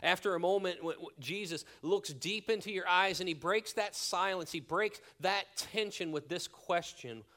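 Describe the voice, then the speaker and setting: A male pastor preaching a sermon, his voice sitting a little higher than most men's. He speaks earnestly and deliberately, often sinking to a hushed near-whisper to press a point home. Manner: leads a spoken prayer.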